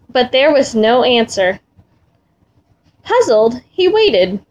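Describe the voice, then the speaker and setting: A woman reading a children's story aloud in a gentle, rhythmic way, repeating phrases. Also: high voice, sing-song, slow pace, highs cut off.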